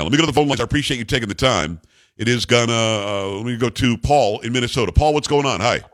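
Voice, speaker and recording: A man's voice: medium pitch, animated, quick pace, fairly bright tone. Emphatic male talk radio host. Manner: emphatic, indignant commentary.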